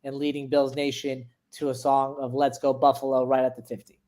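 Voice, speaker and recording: A man's voice: medium pitch, level tone, brisk, a little mellow. A man co-hosting a casual sports podcast, laughing easily and walking through playoff scenarios. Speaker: podcast co-host.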